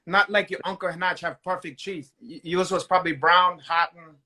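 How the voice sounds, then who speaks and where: A man's voice: sits high, fairly even intonation, moderate pace, bright, forceful tone. A man co-hosting a casual chat, teasing and joking with a lot of swearing. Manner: teasing, profane, jokey. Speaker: co-host.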